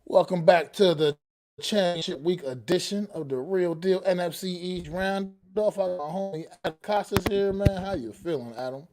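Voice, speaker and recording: A man's voice: high voice, moderate pace, darkish tone. A man hosting a sports podcast in a casual, slangy way, greeting listeners and repeating himself. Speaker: podcast host.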